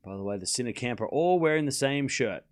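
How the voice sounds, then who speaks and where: A man hosting a live tennis watchalong stream, calling each rally shot by shot and chatting with his viewers in an excitable way. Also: mid-range voice, fast. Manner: excitable, calls rallies shot by shot and talks to chat. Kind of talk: live play-by-play commentary and chat.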